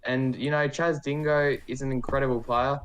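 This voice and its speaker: A man's voice: medium pitch, little pitch movement, moderate pace, fairly bright tone, a little hiss or hum. A man co-hosting a casual podcast, easygoing and rambling, often correcting himself. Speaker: podcast co-host giving predictions.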